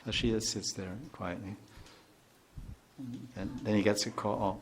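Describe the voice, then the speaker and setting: A man's voice: lowish voice, steady tone, moderate pace, a little hiss or hum. An older man, a spiritual teacher, giving a devotional lecture in a loose, conversational way with many asides and restarts.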